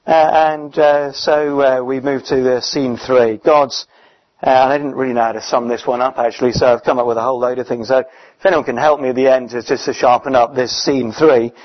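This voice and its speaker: A man preaching a sermon in a conversational, emphatic way, often pausing with fillers. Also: mid-range voice, fairly even intonation. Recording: dull, muffled recording.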